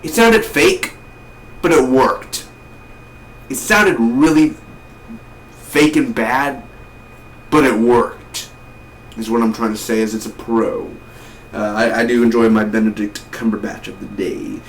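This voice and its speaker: A man's voice: mid-range voice, takes it slowly, pauses often. A man giving a casual spoken film review in a rambling, enthusiastic way, often repeating words as he goes. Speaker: movie reviewer. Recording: roomy echo, distant mic, faint noise.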